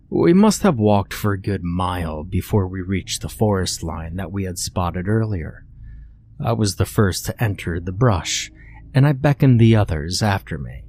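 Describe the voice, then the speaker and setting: Man in deadpan story narration. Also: sits low, slight background noise. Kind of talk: scripted horror-comedy narration.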